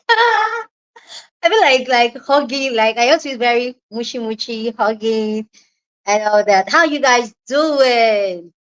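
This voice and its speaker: A woman's voice: fairly high pitch, a little slow, clear, resonant tone, dull audio. A young woman with a Nigerian accent hosting a casual livestream chat from home, bubbly and laughing often as she greets viewers. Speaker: livestream host.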